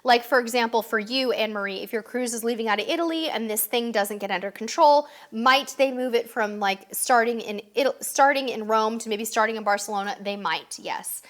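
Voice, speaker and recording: Chatty woman hosting a live Q&A, higher pitch. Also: brisk, hardly any pauses, fairly bright tone. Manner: chatty, upbeat, reads comments aloud. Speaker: host answering viewer questions. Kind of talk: casual live-stream chat.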